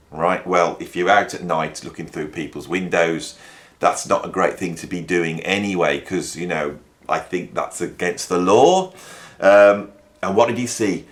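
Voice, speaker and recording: Middle-aged host, low-pitched, casual and wry, rambling commentary. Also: male voice, normal speed, a bit bright. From English Midlands. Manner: wry, rambling, mock-exasperated. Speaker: YouTube host and music educator.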